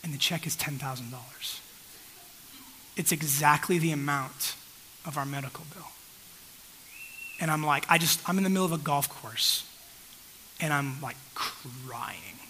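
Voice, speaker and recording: A man preaching with a bright, forceful, somewhat high voice. He tells a personal story in an easy, chatty way and keeps checking in with the congregation. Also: normal speed, long pauses, a little hiss or hum, rough recording. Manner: conversational storytelling, checks in with the audience. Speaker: pastor. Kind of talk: sermon.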